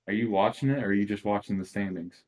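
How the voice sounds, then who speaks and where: A man's voice: lowish voice, steady tone, fast, a little mellow, poor audio. A man hosting a casual sports podcast, laid-back and agreeable, steering the talk from one topic to the next. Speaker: podcast host.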